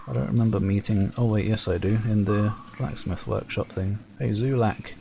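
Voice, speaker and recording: A man reading out game dialogue with wry, joking asides as he plays. His voice is gravelly and mellow, sitting at a middle pitch. A faint hiss runs under the recording. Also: steady tone, normal speed, few pauses. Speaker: let's play host.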